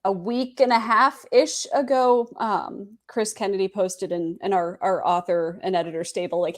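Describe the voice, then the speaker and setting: A woman guest author chatting over a video call, excitable and gushing, laughing often. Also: medium pitch, normal speed, hardly any pauses. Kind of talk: casual interview chat.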